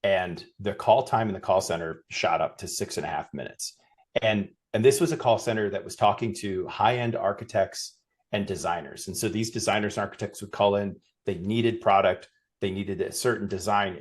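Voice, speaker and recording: Middle-aged man, deep voice, podcast guest, lively storytelling, acts out quoted dialogue. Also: moderate pace. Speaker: guest, customer experience consultant.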